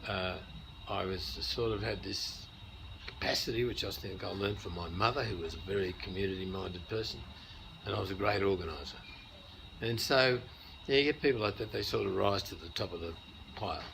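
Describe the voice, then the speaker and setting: An older Australian man in an interview, telling stories in a relaxed, anecdotal way. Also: low voice, brisk, gravelly, slight background noise, low-quality recording. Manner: anecdotal, many restarts and chuckles. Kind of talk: casual storytelling.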